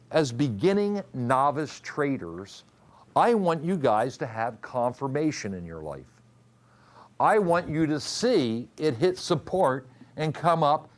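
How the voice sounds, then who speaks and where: A man teaching a trading class, quizzing students and repeating key rules. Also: fairly high pitch. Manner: questions the class and drills answers. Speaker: trading instructor. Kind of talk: classroom lecture.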